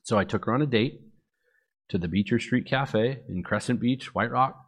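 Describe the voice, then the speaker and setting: A man's voice: medium pitch, moderate pace, breathy edge. A man giving a personal testimony in a conversational, storytelling way, full of fillers, who acts out the dialogue he quotes. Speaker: speaker sharing his testimony.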